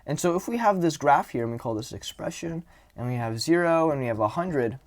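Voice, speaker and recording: A man's voice: on the high side, slight background noise. Easygoing man coaching on vocal expression. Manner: demonstrative, swings from whisper to loud to show vocal dynamics; relaxed, grounded, drawn-out delivery with sighs. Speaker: social skills coach. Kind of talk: casual instructional talk.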